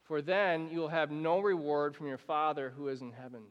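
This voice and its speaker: A man delivers a sermon from the pulpit in a bright, high-set voice. He talks to the congregation like a friend, slipping into quick acted-out scenes. His words ring out with a long hall reverb. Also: muffled recording. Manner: animated, conversational preaching with acted-out examples. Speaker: pastor.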